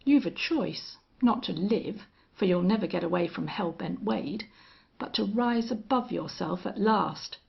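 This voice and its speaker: A steely old gunfighter, as a woman narrator puts him on, flat and cold, each threat unhurried. Her voice has a husky, gravelly edge, and the recording sounds muffled and lo-fi. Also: medium pitch, heavily acted. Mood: menacing. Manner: strange, monotonous, cold. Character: grim, steely older male gunfighter and hunter.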